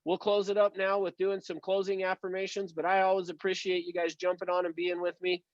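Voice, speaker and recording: A man's voice: high-pitched, completely flat delivery, brisk, dry recording, highs cut off. A man giving an online sales training session, speaking in an upbeat, emphatic coaching tone. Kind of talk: motivational online training talk.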